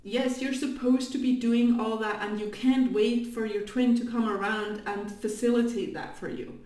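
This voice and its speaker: A woman's voice: fairly high pitch, moderate pace. Blunt woman ranting in an echoey room. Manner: animated, blunt, laughs between points. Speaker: twin flame coach. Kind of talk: casual direct-to-camera rant. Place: room, filmed on camera. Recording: echoey room, distant mic.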